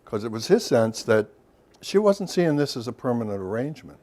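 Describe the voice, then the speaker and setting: Man, middle-aged, workshop lecture, chatty storytelling, rhetorical questions, mid-pitched voice. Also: big pitch swings, brisk, mellow. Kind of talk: recorded lecture to a professional audience.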